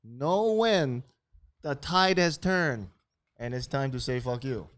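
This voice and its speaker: A man's voice: fairly high pitch, slow pace, no echo, clean studio sound. Brash swearing man. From Hawaii. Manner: brash, swearing, animated bursts. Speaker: host. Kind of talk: casual profane chat.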